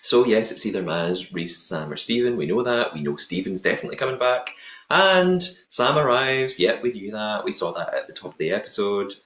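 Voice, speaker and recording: A man's voice: fairly low pitch, animated, brisk, fairly bright tone. A man hosting a podcast, recapping a reality show episode in casual chat. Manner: chatty, laughs at own attempted accent. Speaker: podcast host. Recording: echoey room.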